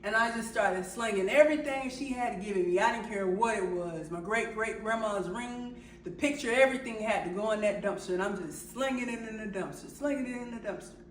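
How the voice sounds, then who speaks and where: A young adult woman telling a personal story to her viewers in an animated way, laughing at herself and getting louder as she relives moments of panic. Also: mid-range voice, a little fast, hardly any pauses. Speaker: vlogger. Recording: echoey room, a bit far from the mic.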